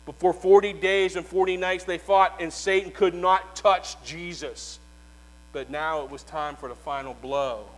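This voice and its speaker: A high-pitched male preacher with a steady tone narrates his sermon dramatically. He drifts from soft, slow passages into shouted proclamations, and the audio is poor.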